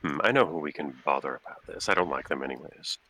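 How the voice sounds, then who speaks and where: A man voicing a condescending male high elf mage in a tabletop game. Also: quick pace, sharp tone, a little hiss or hum, exaggerated voice. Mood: haughty.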